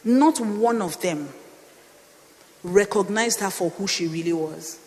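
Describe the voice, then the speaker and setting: A middle-aged woman pastor, preaching a sermon with animated storytelling and playful asides. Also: medium pitch, slow pace, big-room sound. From Nigeria.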